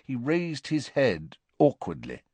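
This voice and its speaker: A man narrating a storybook in an expressive, animated way. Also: mid-range voice, slow pace, husky, no echo. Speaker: audiobook narrator. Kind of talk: storybook reading.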